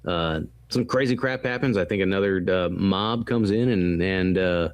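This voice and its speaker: A man's voice: low-pitched, normal speed, smooth, no echo. A man co-hosting a podcast, casually recapping a film with lots of fillers and quoted lines. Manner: rambling recap with many fillers and acted quotes. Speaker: podcast co-host. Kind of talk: casual movie review chat.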